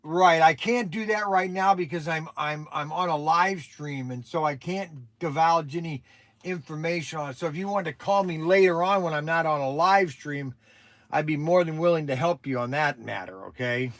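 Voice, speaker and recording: A man chats his way through a casual livestream, rambling and often restarting his sentences. His voice sits a little on the high side for a man. The sound is dry, with no room echo. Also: normal speed, a bit bright. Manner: chatty and rambling, with many restarts. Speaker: livestream host.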